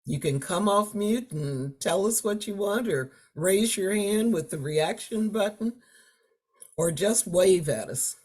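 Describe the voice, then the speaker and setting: A woman's voice: mid-range voice, lively intonation, takes it slowly, a little mellow, slightly rough. A woman moderating an online meeting, reading out questions and inviting people to respond. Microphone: video call.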